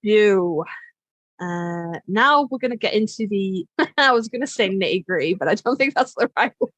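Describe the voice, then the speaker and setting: A woman's voice: medium pitch, animated, normal speed, fairly bright tone, dry recording. A woman hosting a podcast, explaining things in a frank, candid way, swearing and laughing easily. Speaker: podcast host. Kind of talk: casual explainer chat.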